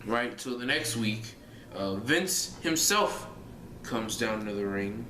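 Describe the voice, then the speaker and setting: A man's voice: lowish voice, animated, takes it slowly, sharp tone, a little hiss or hum. Rambling young man in an echoey room. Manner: rambling, filler-heavy, restarts often. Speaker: vlogger. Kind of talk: casual fantasy-booking monologue.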